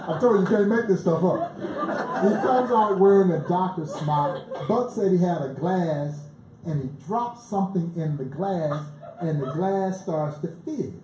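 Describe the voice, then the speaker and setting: A man, a museum president, telling lively baseball stories as a guest at a live panel, chuckling as he goes. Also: sits high, measured pace. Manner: animated storyteller who chuckles through his tales. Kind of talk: lively anecdotal storytelling on stage. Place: live event in a bar venue. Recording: echoey live venue, faint background noise.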